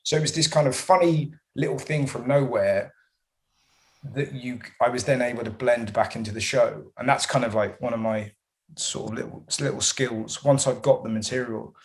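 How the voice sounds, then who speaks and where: Chatty comedian, rambling. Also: male voice, medium pitch, steady tone, normal speed. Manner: rambling, self-interrupting, chatty. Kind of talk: casual interview answers.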